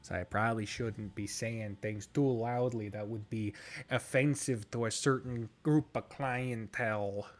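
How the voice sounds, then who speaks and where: While streaming a strategy game, a man rambles through casual commentary, cursing freely and making jokes at his own expense. His tone is steady and his pace measured, and at times he drops his voice so he won't disturb a roommate's call.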